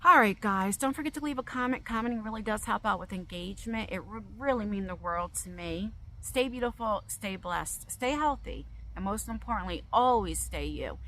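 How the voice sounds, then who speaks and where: A woman's voice: medium pitch, lively intonation, moderate pace, few pauses, a bit bright, a little hiss or hum, rough recording. A middle-aged woman vlogging to her viewers in an open, emotional, rambling way, often restarting her sentences. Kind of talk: emotional personal vlog.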